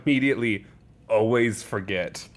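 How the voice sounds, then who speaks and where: A man's voice: fairly low pitch, normal speed. Chatty laughing male podcast co-host. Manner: chatty, laughs often, rambling with fillers. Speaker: podcast co-host and speech teacher. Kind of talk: casual chat.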